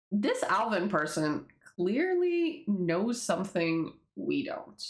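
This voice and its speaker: A woman's voice: medium pitch, big pitch swings, takes it slowly. A woman casually commenting as she reads her own comic aloud, rambling, swearing and laughing in asides. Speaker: webtoon creator. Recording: roomy echo.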